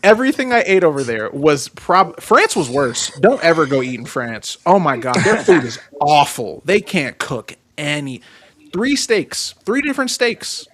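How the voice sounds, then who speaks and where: A man with a somewhat high voice co-hosts a casual wrestling podcast. He tells long, animated stories, laughs often and drops in bits of song. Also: unhurried. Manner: animated storyteller, laughs often, sings snatches of songs. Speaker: podcast co-host.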